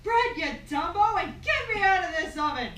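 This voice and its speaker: A woman's voice: very high-pitched, lively intonation, normal speed, fairly bright tone, slight background noise. A woman playing a bossy giant's wife who scolds in a folksy rural way in a stage skit. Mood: scolding. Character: bossy, nagging giant's wife in a hillbilly style. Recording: echoey room from far off.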